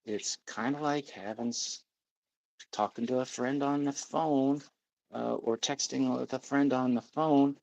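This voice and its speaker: A man's voice: mid-range voice, fairly even intonation, a little slow, vocal fry, a little mellow, poor audio. A middle-aged man hosting a casual livestream, rambling and reading out viewer comments. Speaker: livestream host.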